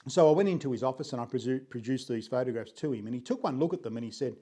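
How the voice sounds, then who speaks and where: An older man with an Australian accent, from Sydney, telling his photography story in an unhurried, earnest vlog, often clearing his throat. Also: medium pitch, expressive, warm tone.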